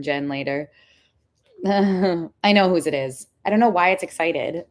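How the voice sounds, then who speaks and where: A young woman hosts a casual tarot livestream and talks straight to her viewers. Her voice sits a little low for a woman. She is chatty and excitable and fills her talk with "like.". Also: moderate pace. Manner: chatty, excitable, says "like" a lot. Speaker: tarot reader hosting a livestream.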